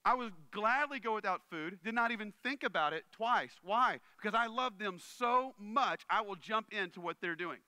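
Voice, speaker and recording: A man preaching a sermon with a high, very bright and ringing voice. His delivery is earnest and conversational, and he often turns to the crowd to check they are with him. The sound is clean and close, with no room echo. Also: lively intonation, moderate pace, few pauses, clean tone. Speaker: pastor.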